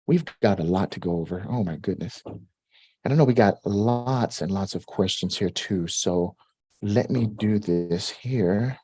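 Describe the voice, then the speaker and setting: A man hosting a live Q&A stream, talking in an animated, repetitive way and jumping up high in pitch when excited. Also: a little slow, husky, dry recording, studio quality. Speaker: host.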